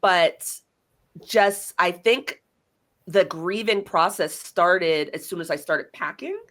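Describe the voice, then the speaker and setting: Animated woman host telling a story. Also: on the low side, takes it slowly. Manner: animated, acts out quoted dialogue. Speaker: podcast host. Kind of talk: personal storytelling in conversation.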